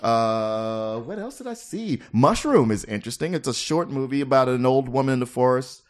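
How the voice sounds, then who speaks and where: A middle-aged man chats about films in a loose, rambling way, halting on fillers and starting sentences over. His voice sits at an ordinary middle pitch. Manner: rambling, hesitant, many fillers and restarts. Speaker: guest film critic. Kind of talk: casual podcast chat.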